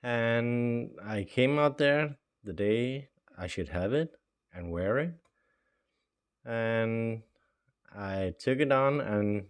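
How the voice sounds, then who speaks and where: A man's voice: medium pitch, animated, takes it slowly, clear, resonant tone. A middle-aged man whose first language is Norwegian, telling his own life story in a chatty way, full of fillers and small laughs. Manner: chatty, with frequent fillers and laughs, acts out quoted dialogue. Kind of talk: casual storytelling.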